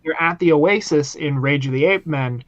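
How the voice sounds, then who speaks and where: A man co-hosting a casual podcast chat, retelling scenes with laughs and lively energy. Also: a little high, normal speed, muffled recording. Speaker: podcast co-host.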